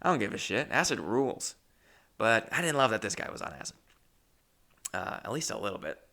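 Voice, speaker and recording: A male comedian telling a story with profane, animated anecdote-telling. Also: fairly low pitch, brisk, creaky.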